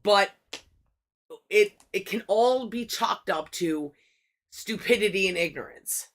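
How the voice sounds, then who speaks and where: A woman's voice: medium pitch, slow pace. A woman hosting a livestream, casually reading scripture and giving blunt, profane commentary as she thinks aloud. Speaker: livestream host.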